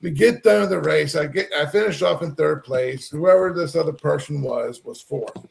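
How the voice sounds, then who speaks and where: A man from Texas telling a long story in a rambling, animated way, full of fillers. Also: on the high side, moderate pace, gravelly. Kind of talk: casual storytelling.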